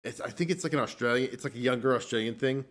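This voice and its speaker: A man's voice: medium pitch, rapid-fire. A man co-hosting a casual podcast, talking in a meandering way with many fillers and restarts. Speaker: podcast co-host. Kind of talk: casual chat.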